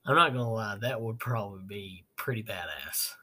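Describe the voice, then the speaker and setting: A man's voice: lowish voice, animated, moderate pace, sharp tone. A man hosting a podcast, rambling casually, laughing and swearing. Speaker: podcast host. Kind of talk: casual chat.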